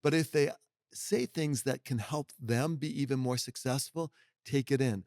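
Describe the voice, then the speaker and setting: A middle-aged man, a guest executive mentor, talks on a podcast in a medium-pitched, slightly mellow voice at normal speed. He is emphatic and folksy and sometimes acts out the voices of people he quotes. The recording is clean studio quality with no echo.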